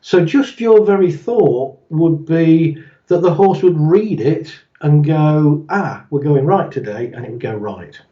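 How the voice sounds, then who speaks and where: A man talks as an interview guest, telling little stories to explain his ideas and chuckling as he goes. His voice sits fairly high but sounds mellow and soft-edged. The recording is dull and roomy, as if the mic were across the room. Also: lively intonation, slow pace, distant mic. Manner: chuckles often, acts out quoted voices in stories.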